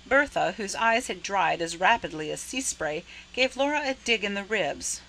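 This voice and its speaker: A woman reading a novel chapter aloud in a measured, expressive narration. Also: medium pitch, slight background noise, poor audio. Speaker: audiobook narrator. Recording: narration with music underneath. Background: music.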